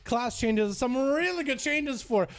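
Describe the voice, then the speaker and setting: A man giving excitable, gung-ho play-by-play commentary on player duels in an online game. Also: very high voice, vocal fry. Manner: excitable, gung-ho, quick reactions.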